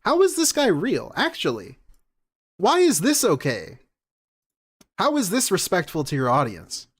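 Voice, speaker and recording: A man's voice: high-pitched, huge pitch swings, unhurried, husky. A man giving casual reaction commentary, mocking and incredulous, often laughing at what he hears.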